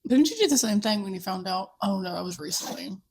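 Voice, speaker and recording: A woman's voice: medium pitch, lively intonation, fast, a little mellow, slightly rough. A woman co-hosting a podcast in loose, casual chat. She talks crude and profane and is always joking. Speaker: podcast co-host.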